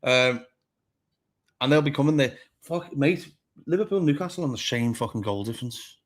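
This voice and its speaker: A man's voice: medium pitch, expressive, normal speed. A man on a football fan panel, talking bluntly, swearing a lot and getting heated. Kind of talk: casual fan chat.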